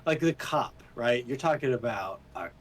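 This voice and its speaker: A man's voice: mid-range voice, normal speed, slight background noise. Man chatting casually about a movie. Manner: animated, laughing, acts out scenes. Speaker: podcast co-host. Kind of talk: casual chat recapping a movie.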